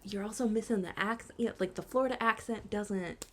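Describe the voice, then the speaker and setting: A woman's voice: medium pitch, a little fast, a bit bright, slight background noise. Chatty woman podcast co-host. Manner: chatty and gushing, with frequent "like" and "um". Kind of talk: casual chat.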